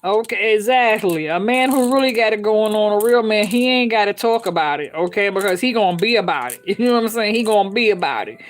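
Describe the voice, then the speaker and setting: A woman hosting a live stream, talking bluntly and with heavy swearing, laughing often and reading out viewer comments. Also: medium pitch. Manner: blunt, profane, laughs often, keeps checking in with listeners. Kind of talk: candid unscripted live-stream chat.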